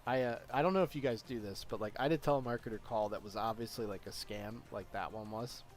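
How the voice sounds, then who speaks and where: A man's voice: fairly low pitch, fast, faint music behind. A young man in a casual live stream chat, telling long stories with many fillers and bursts of laughter. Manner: rambling storyteller with lots of laughter and fillers.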